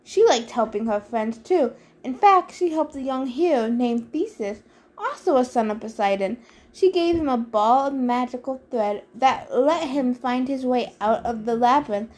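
A woman's voice: high voice, expressive, normal speed, darkish tone. A woman voicing a disdainful, exasperated male god who looks down on heroes, in a storybook reading. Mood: scornful storytelling. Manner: sneering, disdainful. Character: sneering, bored male wine god, camp director.

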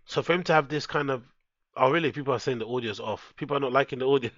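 A man's voice: mid-range voice, rapid-fire, fairly bright tone, no echo. Laid-back streamer, swears a lot, chats to his viewers over a dull, dry, lo-fi headset mic. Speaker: live streamer. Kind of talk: casual live-stream chat. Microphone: headset microphone.

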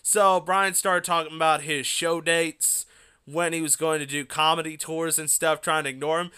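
Man, solo podcast host, casual storytelling, excitable and animated, bright clear voice, recorded on a phone. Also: a little high, moderate pace. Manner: excitable, animated, laughs often.

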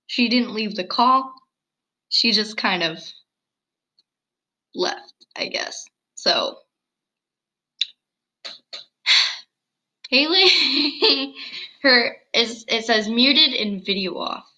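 A girl in her early teens co-hosting a casual video-call chat, giggly, chatty and quick to laugh at herself. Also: on the high side, expressive, pushed and bright, low-quality recording. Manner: giggly, chatty, self-deprecating. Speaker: co-host. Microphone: computer mic on video call.

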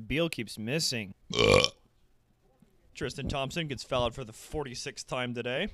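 A young man giving casual, profane play-by-play as a fan while watching a game, bursting into excited shouts. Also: medium pitch, normal speed, no echo.

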